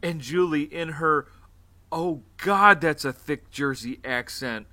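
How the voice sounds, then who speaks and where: A man's voice: on the high side, slow, sharp tone, no echo. A man co-hosting a casual movie-review chat, recapping the plot in a rambling way with fillers and the odd swear. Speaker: podcast co-host.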